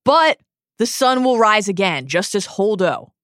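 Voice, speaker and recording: A woman's voice: medium pitch, big pitch swings, unhurried, a bit bright, dry recording, studio quality. A woman co-hosting a film podcast, retelling scenes in an effusive, emotional and dramatic way. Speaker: podcast co-host. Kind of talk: enthusiastic film-recap podcast chat.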